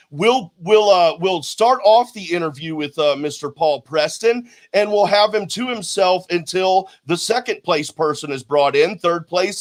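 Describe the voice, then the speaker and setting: A man hosting a casual live-stream panel show over a video call, explaining things in a rambling way with many filler uhs. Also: sits high. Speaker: show host.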